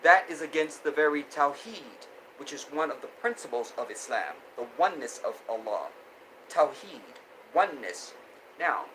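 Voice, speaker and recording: A man with a bright, forceful voice talks off the cuff on his live stream. He is animated, laughs a lot and repeats phrases as he reacts to viewer comments. A faint hum of room noise sits behind him. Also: a little high, poor audio. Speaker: host. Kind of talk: casual live-stream commentary reading chat.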